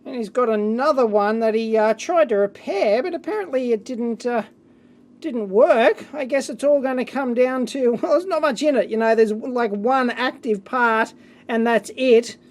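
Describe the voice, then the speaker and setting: A man with an Australian accent hosting an electronics video, opening his mail in an excitable, chatty way with quick exclamations. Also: very high-pitched. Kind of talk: casual hands-on mailbag unboxing.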